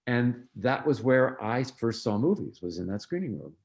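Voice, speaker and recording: A man guesting on an interview, telling family anecdotes in a relaxed way, acting out quoted voices, with frequent ums and restarts. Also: medium pitch, moderate pace, gravelly. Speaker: interview guest, film producer. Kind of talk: storytelling in a conversational interview.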